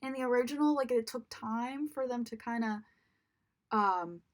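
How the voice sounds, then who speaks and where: A woman's voice: on the high side, normal speed. Chatty young woman reviewing a movie. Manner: chatty, frequent fillers, exasperated complaining. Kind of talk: casual spoken film review.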